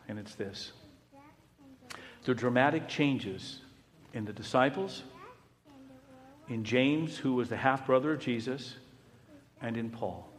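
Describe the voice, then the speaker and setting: A man preaching a sermon, swinging from loud exclamations down to hushed, almost whispered words, with rhetorical questions and repeated storytelling lists. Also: medium pitch. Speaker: pastor. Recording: long hall reverb.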